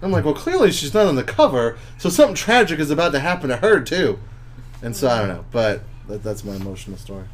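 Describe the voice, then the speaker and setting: A man co-hosting a casual podcast chat, telling stories excitedly with lots of fillers and restarts. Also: mid-range voice, quick pace. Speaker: podcast co-host.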